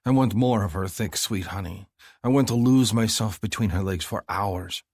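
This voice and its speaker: A man reading a novel aloud in first person, measured and intense. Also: on the low side, darkish tone, breathy edge, no echo. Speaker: audiobook narrator. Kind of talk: scripted first-person narration.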